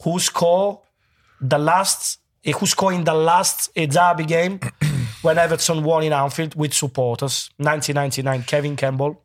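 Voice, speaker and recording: A man in a casual football chat who speaks haltingly, searches for words and uses non-native phrasing. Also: a little high, fairly even intonation, no room sound.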